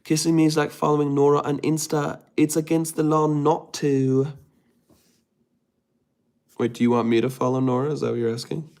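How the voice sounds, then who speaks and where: A young man hosting a casual livestream, reading viewer comments aloud and answering them with quick, joking asides. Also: a little high, flat delivery, a little mellow. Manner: playful, jokey, talks fast with quick asides. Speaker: livestream host.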